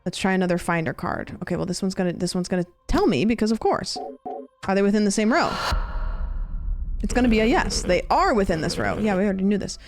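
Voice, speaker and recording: A woman streamer talks through a game live, chatty and reacting fast as she thinks aloud. Her voice sits at a middling pitch, with game music clearly playing behind her. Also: expressive. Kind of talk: live gameplay commentary.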